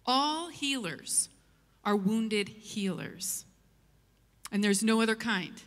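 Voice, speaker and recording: A woman's voice: a little high, animated, takes it slowly. A woman pastor delivering an earnest sermon, mixing scripture and storytelling. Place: church sanctuary. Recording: long church hall reverb.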